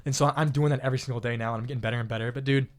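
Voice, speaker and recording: A man's voice: medium pitch, very fast. A young man hosting a podcast, chatting casually and acting out quoted people as he tells stories. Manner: animated storyteller, acts out quoted voices. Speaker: podcast host. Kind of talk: casual chat.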